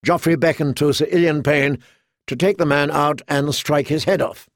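A man reading a fantasy novel aloud as an audiobook narrator, measured and steady. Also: fairly high pitch, no echo, studio quality. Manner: measured, storytelling. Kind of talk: scripted narration.

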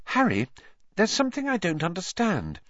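An anxious, earnest young girl, as a male narrator puts her on, her voice pushed well up in pitch and swinging lively between urgent highs and hushed pleas. The recording is dry and a little dull, like a plain audiobook take. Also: normal speed, dry recording, full character voice. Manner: urgent, pleading, higher pitched.

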